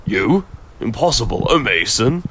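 A man's voice: medium pitch, sing-song, unhurried, a bit bright. A man voicing a tipsy, proud nobleman in a jester's costume, speaking haughtily with a slight slur, over a noisy recording.

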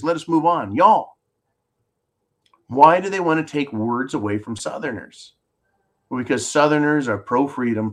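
A man from California hosting a political show, ranting bluntly and sarcastically as he reads out viewer questions. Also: medium pitch. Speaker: host of a political call-in show.

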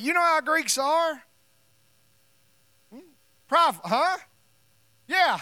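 A man's voice: sits high, sharp tone, no room sound. A male pastor preaching a sermon in a conversational, emphatic way, breaking off for playful asides to the congregation.

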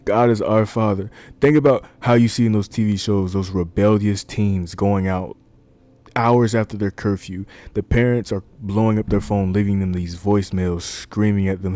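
A man's voice: lowish voice, fairly even intonation, normal speed, mellow. A man preaching an informal sermon into a microphone, earnest and conversational, repeating key lines and using fillers. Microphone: desk microphone.

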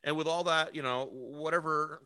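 A man's voice: fairly high pitch, steady tone, normal speed, sharp tone, clean tone, no echo. A man co-hosting a podcast, telling a story in casual chat and acting out the voices he quotes. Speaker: podcast co-host.

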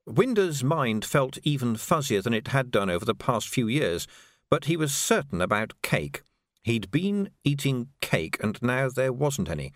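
A man narrating a novel in an expressive storytelling manner. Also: medium pitch, measured pace, no room sound, clean studio sound. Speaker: audiobook narrator. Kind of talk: scripted narration.

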